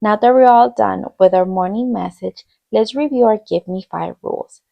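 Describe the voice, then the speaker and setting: Her voice is mid-range and gravelly, at a normal speed, with the highs cut off in the recording. As a bilingual teacher leading a slow lesson for young children, she says each word in English and Spanish and repeats it with patient encouragement.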